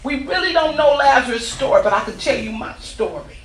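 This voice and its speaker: A woman minister preaches with impassioned storytelling, her fairly high voice climbing into shouts. The sound is roomy and echoey, picked up from a distance. A faint hum sits behind her. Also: expressive, brisk. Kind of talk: sermon. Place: church sanctuary. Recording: echoey church from far off.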